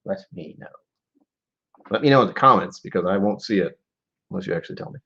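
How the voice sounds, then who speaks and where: A man's voice: fairly low pitch, lively intonation, fast talker, gravelly, pauses often, pushed and bright. A man chatting casually on a live stream and reading poetry aloud, rambling and muttering asides to himself. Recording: dull lo-fi stream audio.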